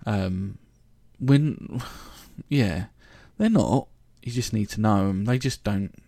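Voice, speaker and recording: A London man talks casually into the mic, joking and rambling, with a London accent. His voice is gravelly and dark, a little low for a man. The sound is dry and close, with no room echo. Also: slow pace. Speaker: podcast host. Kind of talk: casual solo podcast monologue.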